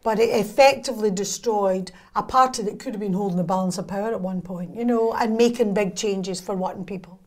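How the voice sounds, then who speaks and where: Her mid-range voice carries lively, casual stories laced with quick, dry humour; she is a Scottish woman being interviewed as a guest.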